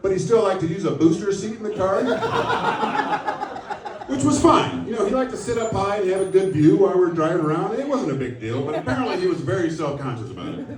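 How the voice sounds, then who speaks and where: Man, middle-aged, stand-up comedy, dry self-mocking profane delivery, somewhat high voice, echoey live room. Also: sing-song, fairly quick, a crowd in the background. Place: comedy club stage before a live audience. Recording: roomy live club sound, mic at a distance, audience laughter. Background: audience laughing.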